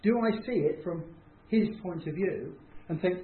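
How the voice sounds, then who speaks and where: His voice is high and his speed normal, with hardly any pauses, as this man talks casually to a small group. He's self-deprecating and plays out people's reactions, captured on a tinny, roomy recording with faint hiss.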